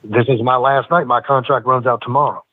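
A man's voice: medium pitch, fairly even intonation, brisk, narrow, tinny audio. A man guesting on a wrestling podcast, telling profane, heated stories and acting out the arguments he quotes. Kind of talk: casual storytelling interview.

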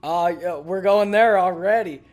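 A man's voice: high-pitched, measured pace. A man in his thirties from Texas, a podcast guest telling profane, laughing stories in casual chat.

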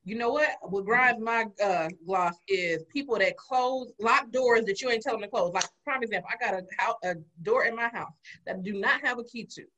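High bright animated woman host. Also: brisk, slight background noise, rough recording. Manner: animated storytelling with loud swearing and laughter. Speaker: podcast host. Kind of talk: casual chat.

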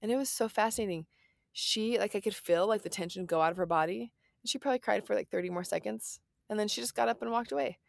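A woman's voice: medium pitch, quick pace, vocal fry, dry recording, studio quality. A woman in her thirties talking casually and earnestly about parenting, reassuring and chatty. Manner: earnest, reassuring, lots of "like" and "right?". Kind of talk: casual parenting advice talk.

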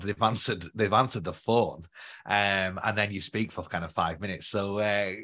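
Bright-toned low-voiced man hosting a podcast. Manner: friendly, hesitant with fillers and restarts. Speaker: podcast host. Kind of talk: podcast interview.

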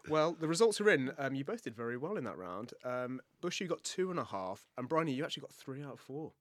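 A man's voice: mid-range voice, big pitch swings, fast, no echo, studio quality. A man hosting a podcast quiz in a casual, laughing way. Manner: laughs through, stumbles cheerfully. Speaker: quiz host.

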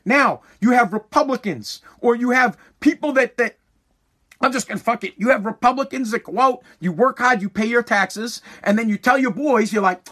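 Husky high-voiced man ranting bluntly. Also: normal speed, bright, forceful tone. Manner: blunt, profane, heated. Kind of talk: casual political rant.

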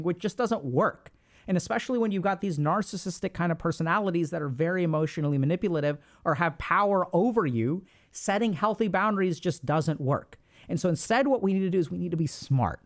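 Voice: medium pitch, animated, a little fast. Blunt, swearing therapist giving advice. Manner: blunt, swears, acts out sample dialogues. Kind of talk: casual advice talk to camera.

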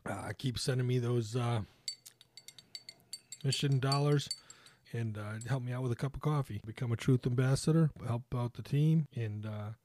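A man's voice: medium pitch, moderate pace, a little mellow, slight background noise. A man hosting a podcast in a casual, rambling way, full of fillers and asides. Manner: rambling, chatty, with many fillers. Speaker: podcast host. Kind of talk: casual chat.

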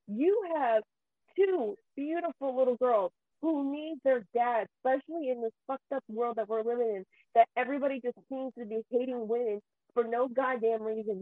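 A woman's voice: fairly high pitch, dry recording. Woman, ranting with raw emotion and profanity, voice close to tears; dry and phone-thin. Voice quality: profane, heated, voice near tears. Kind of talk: angry emotional rant. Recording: tinny phone-like sound.

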